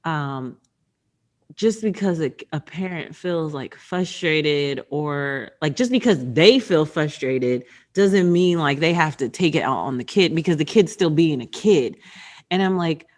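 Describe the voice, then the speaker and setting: Woman, thirties, low-pitched voice, casual podcast co-host, animated storyteller. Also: measured pace. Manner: animated storytelling, acts out screams and quotes. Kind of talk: casual chat.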